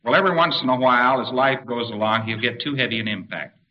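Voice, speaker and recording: A man delivering a lecture at an even, mid-pitched register. He explains step by step and now and then acts out short commands. The recording is muffled and lo-fi. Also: fast talker, a little hiss or hum. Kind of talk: spoken lecture with diagrams.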